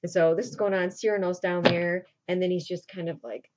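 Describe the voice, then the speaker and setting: A woman's voice: on the low side, fairly even intonation, brisk, a little mellow. A woman teacher retelling a play for her class in a chatty, casual way, often checking in with her listeners, in a dull lo-fi recording. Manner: chatty, with frequent fillers and check-ins.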